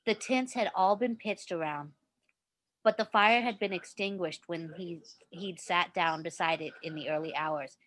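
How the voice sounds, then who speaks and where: A woman with a somewhat low voice reads a story aloud. Her delivery is casual and unpolished, with the odd stumble and quick self-correction as she goes. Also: a bit bright. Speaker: reader.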